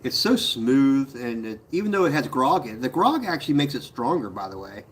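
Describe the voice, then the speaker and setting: A man's voice: medium pitch, big pitch swings, a little fast. A man chatting casually on a live stream from his pottery studio, reading viewer comments aloud, talking to viewers by name and laughing often.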